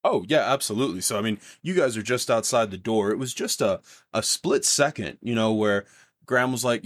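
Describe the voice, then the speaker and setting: Low-voiced casual male game master. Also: lively intonation, fairly quick, a bit bright, no room sound, studio quality. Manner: casual, rambling with restarts and fillers. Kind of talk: narrating a tabletop game.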